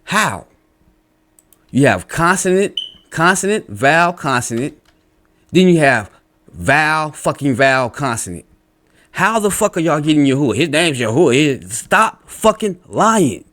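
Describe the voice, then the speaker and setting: A religious commentator, a man with a somewhat high, slightly bright voice, goes through online comments unhurriedly but very animatedly. He reads them out and lectures bluntly, combatively and angrily, swearing as he goes.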